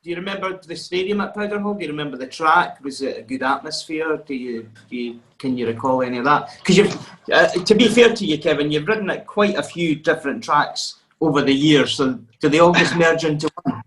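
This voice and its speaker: A man co-hosts a live chat and prompts the guest with one question after another. His voice sits a little high. Faint noise hums behind him. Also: lively intonation, fairly bright tone, rough recording. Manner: quick string of prompting questions. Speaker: co-host.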